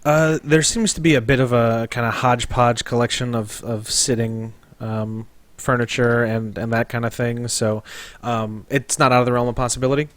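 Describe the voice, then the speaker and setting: A man narrating as game master of a tabletop game, halting and hesitant with many fillers. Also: medium pitch, steady tone, a bit bright, no room sound.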